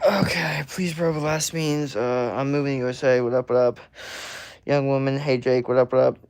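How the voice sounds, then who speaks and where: A man's voice: mid-range voice, fairly even intonation, normal speed, darkish tone. A man hosting a casual live-stream Q&A, reading viewer comments aloud in a loose, slangy, offhand way.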